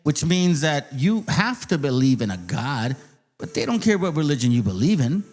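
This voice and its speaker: A man's voice: fairly high pitch, sing-song, a little mellow. Profane, combative man ranting. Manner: reads aloud slowly, then speeds up. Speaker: channel host. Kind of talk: casual ranting commentary.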